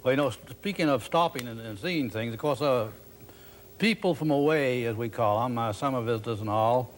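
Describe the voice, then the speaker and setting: A man's voice: medium pitch, moderate pace, a little hiss or hum. Folksy man spinning a yarn. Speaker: storyteller. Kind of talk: folksy storytelling.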